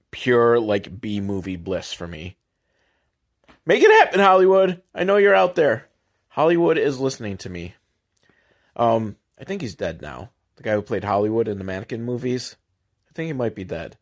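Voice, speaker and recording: A man hosting a podcast, recapping a movie in a rambling, comedic way with sarcastic asides that sometimes drop to a low mutter. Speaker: podcast host.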